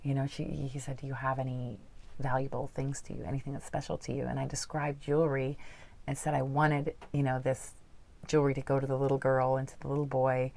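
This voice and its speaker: A woman's voice: extremely low pitch, level tone, a little fast, gravelly, a little mellow. A middle-aged woman guest telling her story earnestly in a conversational interview, laughing now and then.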